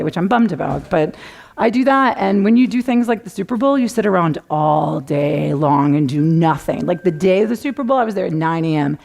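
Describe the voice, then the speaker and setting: Middle-aged woman, conference speaker, mid-range pitch, very lively intonation. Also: gravelly. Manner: animated, acts out clients' panicked voices. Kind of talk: conference talk. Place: conference room.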